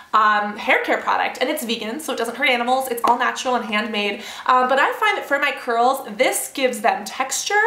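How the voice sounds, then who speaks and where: This young woman's voice is a little high and bright, with a forceful tone. She's a beauty vlogger in her twenties rambling cheerfully about her hair products, with plenty of fillers and asides, in a roomy home space that echoes.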